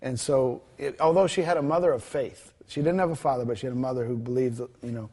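A man's voice: medium pitch, fast, a little mellow. A man telling a ministry story in a conversational interview, retelling the dialogue with many fillers and restarts. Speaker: guest telling a ministry testimony.

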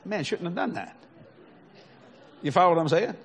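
A man's voice: high voice, lively intonation, slow, pauses often, slightly rough. A man preaching a sermon through folksy stories, chuckling often and checking that his listeners follow. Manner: folksy, conversational, asks the audience if they follow. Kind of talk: storytelling sermon.

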